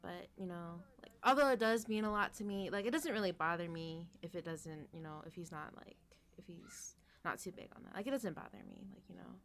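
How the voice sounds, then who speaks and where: Low-voiced woman rambling and trailing off. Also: a little fast, few pauses, a bit bright. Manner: rambling, full of fillers, trailing into near-whispers. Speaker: podcast guest. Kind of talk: casual chat.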